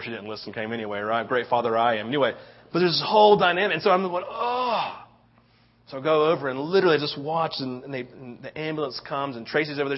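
A middle-aged man preaching a sermon, telling a story with lots of "right?" tag questions. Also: mid-range voice. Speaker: pastor. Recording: dull lo-fi sound.

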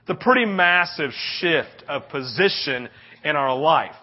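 A man preaching a sermon as pastor, animated, acting out scenes with sudden exclamations. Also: fairly high pitch, a little slow, dull audio.

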